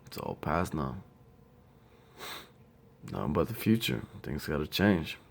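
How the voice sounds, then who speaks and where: Brief: man in his thirties, very low gravelly voice, lively swings in pitch, blunt profane storyteller. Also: measured pace. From Ohio. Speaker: grieving older brother. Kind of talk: personal tribute monologue.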